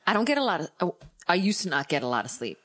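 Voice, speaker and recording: A woman co-hosting a casual chat, animated and laughing easily. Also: racing. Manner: animated, laughing, big pitch jumps in quoted voices. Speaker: podcast co-host.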